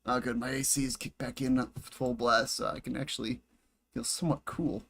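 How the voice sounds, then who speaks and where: At home in a room with air conditioning and bright lights, a man streams a game live, talking into a headset and joking chattily with his viewers and himself. His mid-range voice is level, fairly quick, gravelly, and fairly bright.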